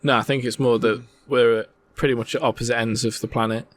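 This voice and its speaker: A middle-aged man co-hosting a podcast in a garage, making dry, deadpan jokes. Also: mid-range voice, fast, slight background noise. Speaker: podcast co-host. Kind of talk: casual chat.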